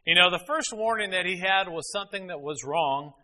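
A man's voice: high voice, fairly quick, bright, forceful tone. A middle-aged man preaching a sermon, telling a family story in a folksy way with many fillers.

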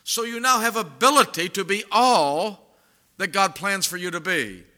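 Male pastor, high bright voice, emphatic sermon delivery with slow drawn-out pauses.

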